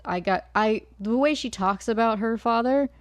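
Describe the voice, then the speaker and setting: A woman's voice: fairly high pitch, normal speed, no room sound. A woman on a podcast, speaking thoughtfully and hesitantly, with frequent restarts. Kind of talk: casual podcast discussion.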